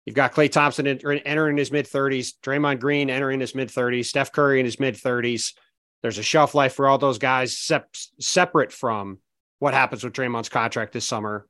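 A man talking on a podcast panel in casual chat, laying out his analysis in a measured way with "I mean, look" fillers. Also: medium pitch, fairly bright tone, no echo. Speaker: basketball reporter, podcast panelist.

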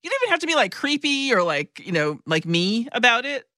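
A woman's voice: on the high side, sing-song, a little fast, pushed and bright, no room sound, studio quality. A woman co-hosting a podcast, chatting casually, laughing often and giving playful joking advice. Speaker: podcast co-host. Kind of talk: casual chat.

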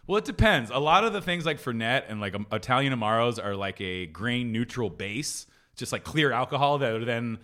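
A man casually chatting on a podcast, animated and profane, dropping into quick voices for other people. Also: medium pitch. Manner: animated, swearing, quick impressions. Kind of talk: casual chat.

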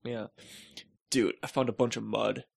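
A man co-hosting a podcast, telling rambling stories with jokey, deadpan asides in casual chat. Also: fairly low pitch, a little slow, vocal fry, husky. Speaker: podcast co-host.

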